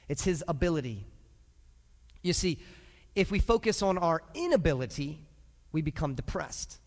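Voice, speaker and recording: A man with a high voice preaching to his congregation in a church sanctuary. He drops to hushed asides, then climbs into loud, shouted exhortation. A long hall reverb trails every phrase. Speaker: pastor. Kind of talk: sermon.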